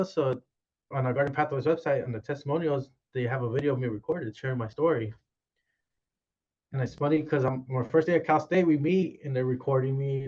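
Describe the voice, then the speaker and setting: A man in his thirties tells his own story as a podcast guest, slipping into the voices of the people he quotes. His voice sits at an ordinary pitch. The recording sounds a little dull and lo-fi. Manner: animated retelling with quoted dialogue. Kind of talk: storytelling in casual conversation.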